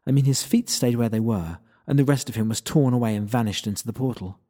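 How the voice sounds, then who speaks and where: A man's voice: mid-range voice, quick pace, warm tone. A man narrating a first-person story in a wry, dry, laid-back manner.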